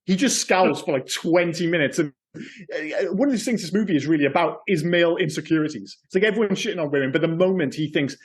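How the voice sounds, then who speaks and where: A man's voice: a little high, quick pace. A man co-hosting a film podcast, talking enthusiastically in casual chat, swearing freely and acting out lines. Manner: enthusiastic, swearing, animated storytelling. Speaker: podcast co-host.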